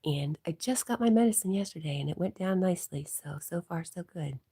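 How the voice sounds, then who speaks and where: A congested woman hosting a casual livestream, chatting and reading viewer comments aloud, often dropping to a soft whisper. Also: on the low side, lively intonation, brisk, breathy edge. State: congested from allergies. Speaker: livestream host.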